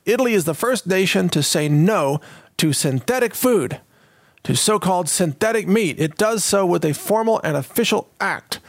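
Brief: male host, higher voice, sarcastic news commentary, close and dry. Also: gravelly, no room sound. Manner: sarcastic, rambling, with fillers. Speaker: channel host.

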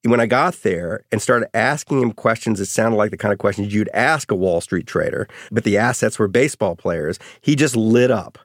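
A middle-aged man, an author being interviewed, telling anecdotes in a lively, casual way. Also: fairly low pitch, moderate pace, hardly any pauses, dry recording, clean studio sound. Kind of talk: storytelling interview.

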